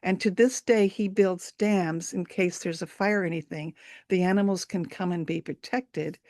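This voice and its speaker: A woman telling a folk tale over a video call, in a halting, informal way. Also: on the low side, fairly even intonation, darkish tone, dry recording, clean studio sound. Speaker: storyteller.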